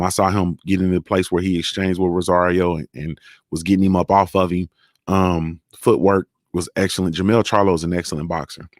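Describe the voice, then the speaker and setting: A young man hosts a casual boxing talk stream, rambling through stories in loose, profane slang. His voice sits low. The sound is dry and close, with no room echo. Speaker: show host.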